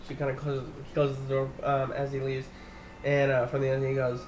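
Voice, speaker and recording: A man's voice: mid-range voice, monotone, brisk, darkish tone, slight background noise. A man narrating a tabletop game as game master, loose and rambling with many fillers, in an echoey room.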